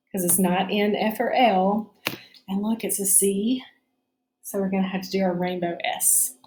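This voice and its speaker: Slow, patient woman teaching phonics. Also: mid-range voice, mellow, echoey room. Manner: patient, step-by-step explaining. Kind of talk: phonics lesson.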